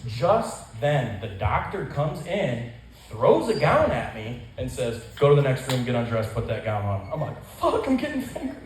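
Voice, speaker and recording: A man's voice: mid-range voice, animated, a little slow, noisy background. A young man doing a stand-up set at a live benefit show, telling a crude, profane story. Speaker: stand-up comedian. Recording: echoey room, distant mic, audible ambience.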